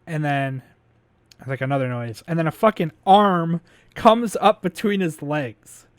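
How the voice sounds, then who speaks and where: A man's voice: a little high, unhurried, clean tone, dry recording. A man casually recapping a movie plot as a podcast host, rambling with lots of fillers, swearing and laughing as he goes.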